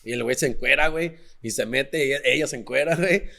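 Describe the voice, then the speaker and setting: Excitable slangy man. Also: medium pitch, racing, vocal fry. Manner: slangy and excitable, mixing in Spanish. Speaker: podcast host. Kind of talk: casual storytelling.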